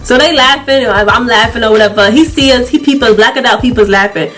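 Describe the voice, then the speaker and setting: Young woman vlogger, slightly high voice, chatty storyteller who keeps laughing, faint music behind. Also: fast. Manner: animated, chatty, often laughing. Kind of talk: casual storytime.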